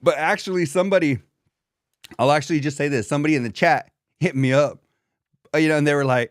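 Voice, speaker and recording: A man co-hosting a podcast in animated, profane casual chat, calling his friend "dog". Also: on the high side, fast talker, long pauses, dry recording, studio quality. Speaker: podcast co-host.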